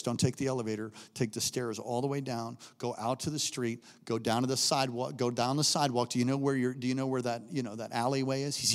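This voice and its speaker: A man preaching a sermon, telling stories with acted-out voices and swinging between quiet asides and loud, shouted peaks. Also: medium pitch, long reverb tail. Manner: animated storytelling, acts out characters, shifts between quiet asides and shouting.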